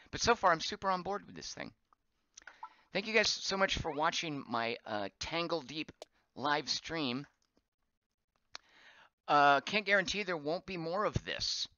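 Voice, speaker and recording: A man commentating his own game live, musing out loud and reading viewers' comments as he goes. His voice is bright and full of lively pitch movement, a little hoarse. It comes through a dull, dry-sounding mic. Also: no room sound. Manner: chatty, reads chat aloud, thinks out loud. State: voice going hoarse. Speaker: game streamer.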